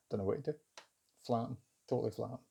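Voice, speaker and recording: A man's voice: mid-range voice, vocal fry, warm tone, slight background noise. A Scottish man casually recounting a story in a rambling, hesitant way, with lots of fillers and restarts. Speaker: vlogger recounting a job interview.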